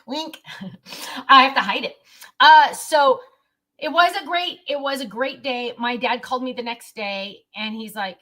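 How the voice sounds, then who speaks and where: A middle-aged woman telling a family story in a casual vlog, animated and quick to laugh. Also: fairly high pitch. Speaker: vlogger.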